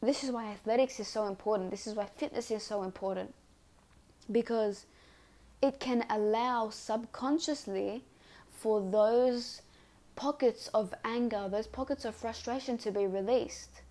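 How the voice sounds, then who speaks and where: A woman's voice: a little high, a little slow, warm tone. A woman hosting a podcast, giving an earnest self-help talk with repeated coaching phrases. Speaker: podcast host. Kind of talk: reflective self-help monologue.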